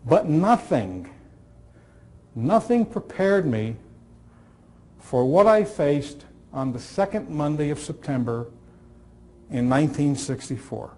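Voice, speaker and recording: A man in his sixties giving a storytelling talk on listening skills, using dramatic pauses, repetition and dry humor. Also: fairly high pitch, animated, warm tone. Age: 60s. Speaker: speaker on communication skills. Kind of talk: storytelling talk to a live audience.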